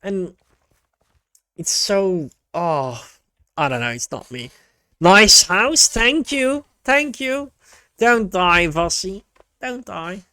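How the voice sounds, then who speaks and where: A laid-back male VTuber rambles and chats with his viewers in a casual way and swears now and then. His voice sits a little high, and his pace is unhurried. The desk mic sound is dry and close. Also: lively intonation, sharp tone, clean tone, no room sound. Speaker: VTuber streamer. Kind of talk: casual stream chat.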